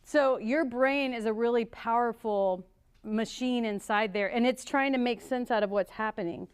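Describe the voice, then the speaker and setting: A woman's voice: on the high side, moderate pace, clear, resonant tone. A woman therapist teaching a couples workshop at a church, talking conversationally and acting out little examples. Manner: conversational, acts out examples with gasps and sighs. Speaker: marriage and family therapist teaching a couples class. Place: church hall.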